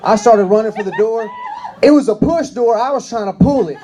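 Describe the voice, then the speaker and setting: A man's voice: sits high, brisk, warm tone, a little hiss or hum. A young man performing a stand-up comedy set on a club stage, drawling through stories and acting out the voices in them. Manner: drawling storyteller, acts out quoted voices.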